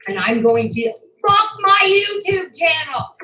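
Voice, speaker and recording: A woman's voice: sits high, very animated, a little slow, pushed and bright, roomy sound, a little hiss or hum, low-quality recording. A woman ranting furiously to her channel, swearing and making threats, near tears with anger. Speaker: YouTuber. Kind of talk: angry rant to camera.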